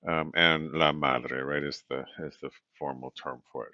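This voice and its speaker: Man, instructor, relaxed lecture, lots of fillers, low bright voice, dull lo-fi sound. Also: moderate pace, few pauses, no room sound. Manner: relaxed, many fillers and "right?" checks. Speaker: Spanish instructor. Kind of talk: recorded lecture. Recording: dull, lo-fi recording.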